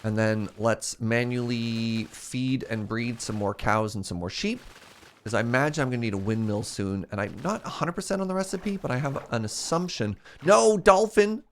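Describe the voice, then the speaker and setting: A man's voice: on the low side, moderate pace, slight background noise. A young adult man thinking aloud in casual commentary while streaming a modded block game. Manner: thinking aloud, rambling and musing.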